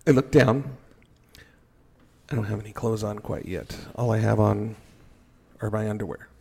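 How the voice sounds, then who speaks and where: A middle-aged man telling a story on a podcast, animated and joking as he goes. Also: on the low side, normal speed, vocal fry, slightly rough. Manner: animated storyteller, jokey asides. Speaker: podcast guest. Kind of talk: casual storytelling.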